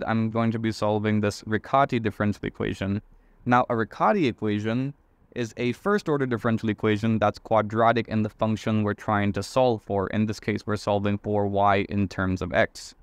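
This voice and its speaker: A man's voice: fairly low pitch, dry recording. A man hosting a math channel, chatting with self-deprecating humor and then working through an equation step by step. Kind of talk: explaining math on a whiteboard.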